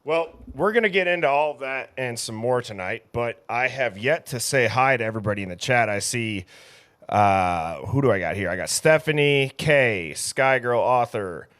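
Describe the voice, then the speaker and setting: A man's voice: mid-range voice, expressive, moderate pace, a bit bright, no echo. A man hosting a casual livestream, chatting easily and reading viewer names aloud. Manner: reads chat names aloud, easygoing and chatty. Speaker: livestream host.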